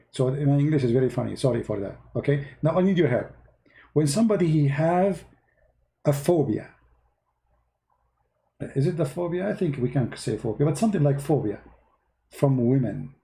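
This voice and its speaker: Male host, casual sarcastic commentary, halting non-native English, warm mellow voice. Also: mid-range voice, lively intonation, vocal fry. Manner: sarcastic, mocking, talks directly to viewers.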